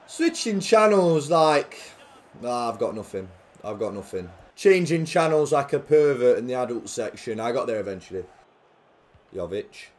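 A man's voice: on the low side, a little slow, long pauses. Jokey man commentating a game. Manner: jokey, swings between quiet play-by-play and loud excited outbursts. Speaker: gaming commentator.

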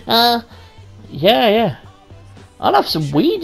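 A woman's voice: mid-range voice, very animated, normal speed, soft background music. Rowdy, sweary woman gaming. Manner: sweary, rowdy, laughs at the game. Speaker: gaming let's-player. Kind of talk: casual gameplay commentary.

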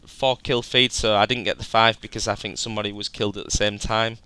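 A man talks over his gameplay footage as a channel host. His voice is bright and forward, with a very smooth, crisp clarity. He chats in a loose, rambling way and keeps calling his viewers "guys.". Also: lowish voice, flat delivery, quick pace, no room sound. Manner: chatty, rambling, says "guys" often.

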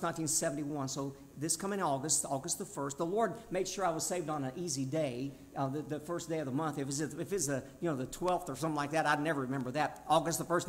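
A man in his sixties with a Tennessee Southern accent delivers a sermon. His voice sits a little high for a man, and he preaches in an emphatic, down-home way, with self-deprecating humor. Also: a bit bright. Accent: Southern American. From Tennessee, USA. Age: 60s.

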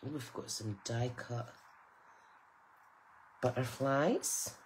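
A middle-aged woman with a low voice chats casually and gushes over each gift she opens. She speaks slowly, exclaiming with delight. A faint hum of room ambience sits behind her. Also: darkish tone, low-quality recording. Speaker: craft channel host. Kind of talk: casual unboxing chat.

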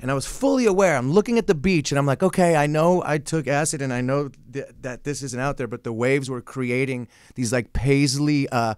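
A man's voice: medium pitch, brisk, few pauses, smooth, no echo, studio quality. Laid-back man telling stories, swearing freely. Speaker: podcast guest. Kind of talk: casual chat.

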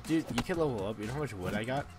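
Excitable young gamer guy, lively. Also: medium pitch, racing. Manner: excitable, laughing, loud bursts. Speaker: gaming channel co-host. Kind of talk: casual let's-play banter. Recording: game music behind.

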